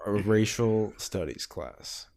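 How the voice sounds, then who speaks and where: A young man with a low voice co-hosts a casual podcast. He trades wry, profane jokes with his co-host and tells his own stories in a loose, offhand way. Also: expressive, a little slow, vocal fry, darkish tone. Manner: wry, joking asides, profane.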